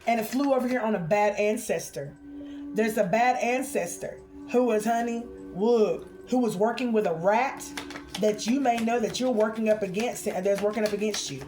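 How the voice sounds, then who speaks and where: A woman doing a spiritual card reading for her viewers, expressive and chatty, calling them honey and y'all. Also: mid-range voice, fairly quick, faint music behind.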